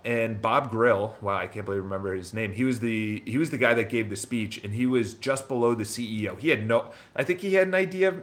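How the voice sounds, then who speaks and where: Guy telling a story to camera, plays out the other people's lines, restarts a lot, swears here and there. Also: medium pitch. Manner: animated retelling, acts out dialogue, frequent restarts; swears casually, laughs while telling the story. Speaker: real estate vlogger.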